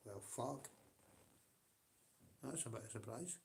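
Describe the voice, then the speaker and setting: A Scottish man hosting a late-night livestream, talking loosely and swearing at nearly every turn. His voice sits at a middling pitch for a man. He rambles from topic to topic and laughs often. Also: lively intonation, measured pace, gravelly, a little mellow, slight background noise. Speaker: livestream host. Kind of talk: casual chat with viewers.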